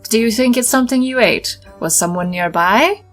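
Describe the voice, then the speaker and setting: A woman's voice: on the high side, normal speed, faint music behind. A woman playing a tabletop role-playing game, speaking in character in a nervous, flustered, giggly way. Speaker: player.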